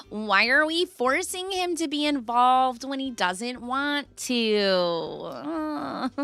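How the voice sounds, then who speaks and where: A woman's voice: sits high, sing-song, vocal fry, fairly bright tone, voice pushed up, full character voice. A woman reading out a viewer comment in a put-on voice, playing a gushing woman commenter who drags out her words in a sing-song way. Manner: drawn-out, sing-song, slow.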